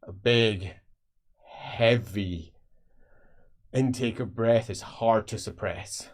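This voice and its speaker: A man's voice: lowish voice, slow pace. Hesitant man narrating a game. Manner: hesitant, many fillers. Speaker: game master.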